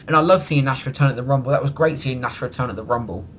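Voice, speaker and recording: A man co-hosting a casual podcast chat, opinionated and quick to restart his sentences. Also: mid-range voice, fairly bright tone, slight background noise. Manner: chatty, opinionated, restarts often. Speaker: podcast co-host.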